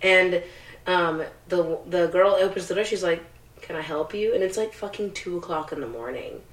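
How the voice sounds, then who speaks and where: Lowish young woman, off-mic and echoey. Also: moderate pace, distant mic. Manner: loose, profane, excitable. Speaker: co-host. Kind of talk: casual chat.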